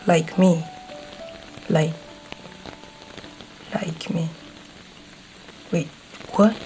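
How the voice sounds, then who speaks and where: A woman's voice: lowish voice, darkish tone, rough recording. A woman playing a brash tsundere teen boy. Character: gruff hot-tempered teenage boy classmate. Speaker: voice actor. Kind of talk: audio role-play to the listener.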